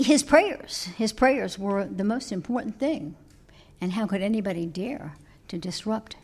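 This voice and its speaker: A woman giving a sermon, telling a story and moving between emphatic lines and hushed asides. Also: medium pitch. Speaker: preacher.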